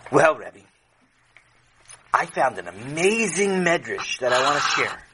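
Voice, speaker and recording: A man voicing an excitable schoolboy who tells a story to his teacher in a children's audio story. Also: a little high, measured pace, noisy background. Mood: eager. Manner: excitable, eager.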